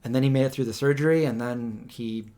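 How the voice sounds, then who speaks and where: A man chatting on a live stream, his pitch sitting in an ordinary middle range. He tells stories animatedly, restarting sentences often and leaning on casual fillers. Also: quick pace, clean tone. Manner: animated storyteller, acts out quotes with raised pitch.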